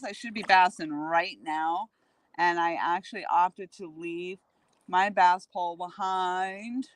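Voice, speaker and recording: Her voice on the low side, a woman paddles a kayak outdoors on a lake while casually chatting to her livestream audience through a handheld phone. She speaks straight to viewers, with slight background noise behind her.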